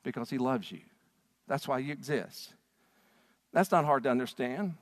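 A man preaching a sermon to his congregation in a church, emphatic and animated, with frequent rhetorical questions. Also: medium pitch, normal speed. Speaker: pastor. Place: church sanctuary. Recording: long reverb of a large hall.

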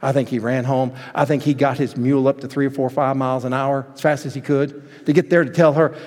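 A man preaching a sermon, telling the story with lively asides and acting out the people in it. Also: medium pitch, a little fast, big-room sound. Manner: animated storytelling, acting out voices. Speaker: pastor.

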